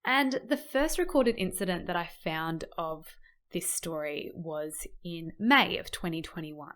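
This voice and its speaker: A woman's voice: fairly low pitch, measured pace. Chatty woman podcast host. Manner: chatty, animated, laughs easily; puts on a newsreader voice when reading articles. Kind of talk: casual podcast chat and reading news articles.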